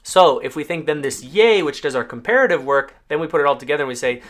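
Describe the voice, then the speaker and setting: A man's voice: fairly high pitch, brisk, few pauses, fairly bright tone. A man teaching a language lesson, patiently explaining song lyrics and checking in with "right?" as he goes.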